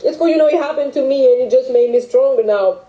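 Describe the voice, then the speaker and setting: A young French woman with a French accent, recounting a personal story in halting speech full of restarts. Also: high-pitched, warm tone, echoey room, highs cut off. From France. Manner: halting, with many restarts and fillers. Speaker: guest telling her story. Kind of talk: emotional personal account.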